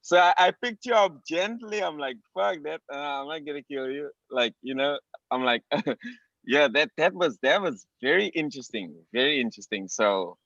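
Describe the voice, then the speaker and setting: A man from South Africa with a South African accent telling an excited, profane story on a video call, laughing often. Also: a little high, moderate pace, creaky, dry recording, muffled recording. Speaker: participant.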